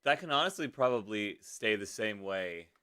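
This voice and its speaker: Bright, clear-voiced male streamer muttering. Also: lowish voice, lively intonation, normal speed, faint music behind. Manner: mutters to himself, hums drum rhythms, reads chat aloud. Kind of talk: casual live-stream talk while composing music.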